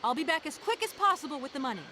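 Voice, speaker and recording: An actress voicing an ambitious young lawyer woman in a video game, poised, brisk and sharp-tongued. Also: sits high, sing-song, noisy background. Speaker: game protagonist.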